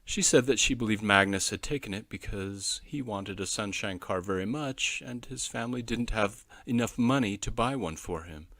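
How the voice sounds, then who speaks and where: A man narrating a children's storybook in an expressive storyteller reading. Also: lowish voice, normal speed, hardly any pauses, no room sound.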